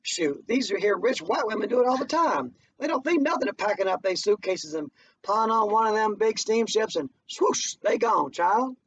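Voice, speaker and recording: A man's voice: high-pitched, animated, moderate pace, husky, pitched above the performer's own voice, heavily acted. A man voicing a tired young wife who talks in an earnest, coaxing way. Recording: distant muffled home recording, faint noise.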